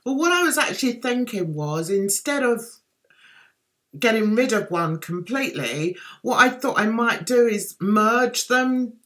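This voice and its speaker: A hesitant man who stalls with ums and wells before he admits anything, mimicked by a British woman. Her voice jumps high on the fillers and then settles, with bright tone and faint music in the background. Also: animated, a little slow. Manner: stammering, hedging with fillers. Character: flustered hesitant man caught out.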